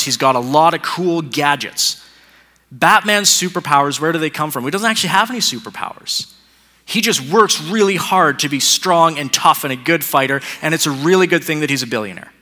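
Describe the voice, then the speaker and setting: A man's voice: a little high, sharp tone. A man giving a sermon as pastor. He builds points through repetition and slips into casual, joking asides. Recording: long hall reverb.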